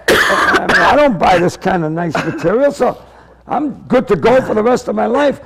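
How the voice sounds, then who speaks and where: A man, telling a rambling comic story and acting out both sides, often coughing and clearing his throat. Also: extremely high pitch, animated, normal speed, low-quality recording. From Massachusetts. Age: 60s. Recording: public-access TV archive tape.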